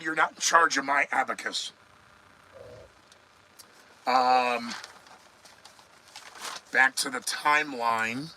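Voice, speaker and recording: A man's voice: medium pitch, slow pace, pauses often, pushed and bright, slight background noise, poor audio. A middle-aged man hosting a live news commentary podcast, sarcastic and rambling, talking back to his viewers as he goes. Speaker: podcast host.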